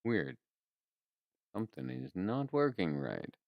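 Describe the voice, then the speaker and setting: A man's voice: on the low side, sing-song, slow, creaky, no room sound, dull audio. A young man streaming, telling a rambling story in casual chat and laughing often.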